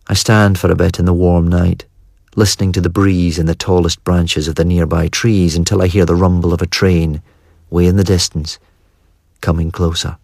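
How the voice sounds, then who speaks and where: Audiobook reader, man, very deep voice, dry close sound, wry and measured. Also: a little mellow, dry recording. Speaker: audiobook narrator. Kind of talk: first-person audiobook narration.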